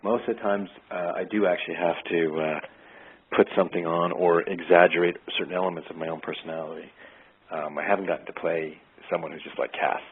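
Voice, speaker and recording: Low husky guy chatting about his acting, lots of ums, sounds like a phone call. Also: fairly even intonation, fairly quick. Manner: easygoing, searching for words with many fillers. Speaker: actor guest. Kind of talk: casual interview answers. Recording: tinny phone-like line.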